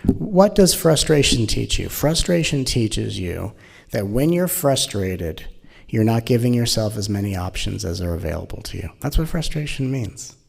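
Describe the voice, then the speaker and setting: A man giving an animated, playful spiritual talk as a teacher, often slipping into mocking voices. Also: lowish voice, normal speed, creaky, husky.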